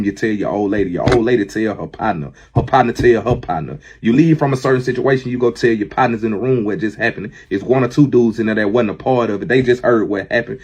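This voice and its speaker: Husky man on a profane rant. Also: mid-range voice, a little mellow. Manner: profane, preachy, rising to angry outbursts. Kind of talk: heated monologue on a stream.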